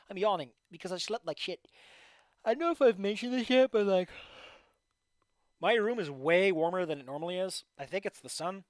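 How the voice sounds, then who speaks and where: Male reader, tiring voice, high and animated, rambling and profane; dry close sound. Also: brisk, no room sound. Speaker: story reader. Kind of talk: casual reading of fan fiction aloud.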